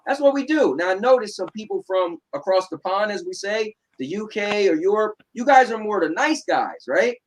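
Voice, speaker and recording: Blunt New Jersey man, high voice. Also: animated, normal speed, few pauses, a little hiss or hum, rough recording. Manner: blunt, sarcastic, repeats "right?". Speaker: show host. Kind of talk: casual chat. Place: home.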